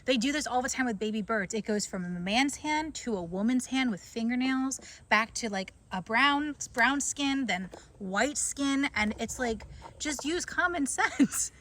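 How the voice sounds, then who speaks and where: A woman's voice: fairly high pitch, lively intonation, measured pace, a bit bright. A woman in casual chat, indignant and sarcastic about rude comments.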